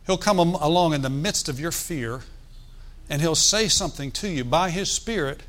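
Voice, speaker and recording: A man's voice: on the high side, moderate pace, a bit bright. A man preaching a sermon in a conversational, folksy way, with joking asides and calls for the congregation to answer. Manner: asks the congregation for responses.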